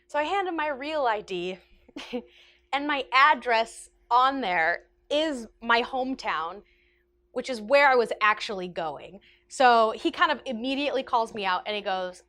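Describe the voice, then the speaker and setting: A woman vlogger telling a casual, self-mocking story with animated delivery and frequent laughter. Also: a little high, moderate pace.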